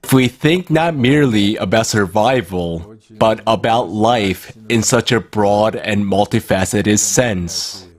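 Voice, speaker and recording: Man, deep voice, very unhurried, measured formal address. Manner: slow, measured delivery. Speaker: conference speaker. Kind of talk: formal speech.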